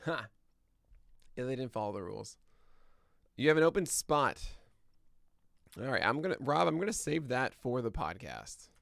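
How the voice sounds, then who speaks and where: A man hosting a podcast stream talks casually to himself and his chat, trailing off into mumbled asides. His voice is gravelly with fry yet smooth and resonant, recorded dry and close with no room sound. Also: mid-range voice, big pitch swings, a bit bright, dry recording. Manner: thinking aloud, mumbling asides, quick laughs. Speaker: podcast host. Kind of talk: casual livestream chat before a show.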